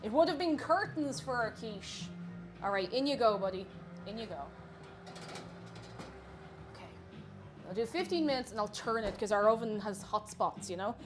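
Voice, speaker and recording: In a casual cooking stream from her home kitchen, a woman giggles, chats, and welcomes viewers by name. Her voice is on the high side and expressive, at normal speed with frequent pauses, while music plays in the background.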